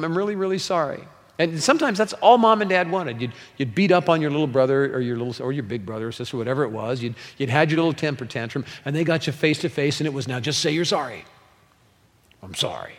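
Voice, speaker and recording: A middle-aged man preaching a sermon as a pastor, emphatic, rising to loud pleas and dropping to hushed, solemn passages. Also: mid-range voice. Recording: long hall reverb.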